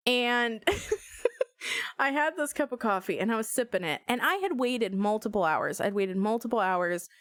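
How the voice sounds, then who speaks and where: Animated young woman streamer, dry close sound. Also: on the high side, unhurried, dry recording. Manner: animated, swearing, laughing storyteller. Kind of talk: casual storytelling while playing a game.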